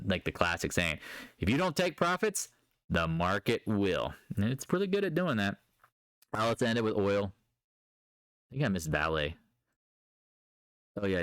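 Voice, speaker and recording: A man's voice: on the low side, fairly bright tone, no room sound, clean studio sound. A man hosting a casual daily stock market recap, blunt and exasperated, often laughing at his viewers' trading mistakes.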